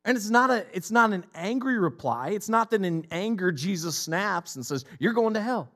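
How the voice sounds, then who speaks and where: A man's voice: high voice, animated, moderate pace, bright, forceful tone. A middle-aged man preaching a sermon as a pastor, emphatic and repetitive in his delivery.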